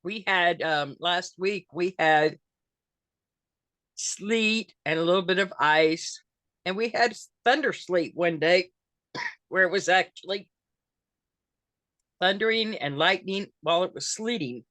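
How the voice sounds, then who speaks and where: A woman's voice: lowish voice, takes it slowly, long pauses, a bit bright, dry recording. An older woman chatting as an interview guest, rambling with lots of fillers and restarts. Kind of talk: casual interview chat.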